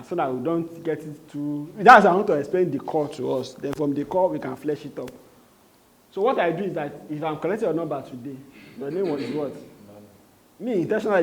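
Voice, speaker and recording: A man with a Nigerian accent giving a live training talk, quizzing the room and repeating his points. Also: a little high. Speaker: sales trainer.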